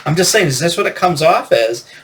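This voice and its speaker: A man's voice: fairly high pitch, lively intonation, a little fast, fairly bright tone, a little hiss or hum. A man chatting casually about a rock album he is reviewing, rambling through lots of fillers and often laughing at his own points.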